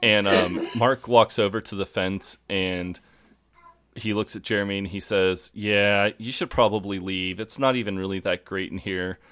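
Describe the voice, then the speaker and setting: A man's voice: on the low side, steady tone, normal speed, fairly bright tone, dry recording. A man co-hosting a podcast, casually recapping a TV episode, laughing often, swearing and acting out the characters' lines. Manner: laughing, swearing storyteller who acts out quotes. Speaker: podcast co-host.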